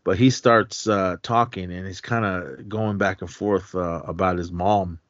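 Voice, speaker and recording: A man co-hosting a podcast, retelling a film scene in a rambling, halting way with many fillers. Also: sits low, fairly even intonation, a bit bright, no echo, muffled recording. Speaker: podcast co-host. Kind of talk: casual film recap.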